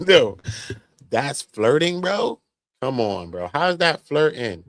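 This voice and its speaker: A man's voice: on the high side, slow, dry recording. A man hosting a live stream, giving casual slangy commentary with mocking asides. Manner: animated, slangy, mocking impressions.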